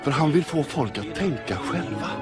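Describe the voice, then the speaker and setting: An actor playing an excited, admiring male philosophy teacher who guides a girl through a film scene, talking in eager bursts. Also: on the high side, normal speed, natural voice. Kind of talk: film dialogue. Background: music.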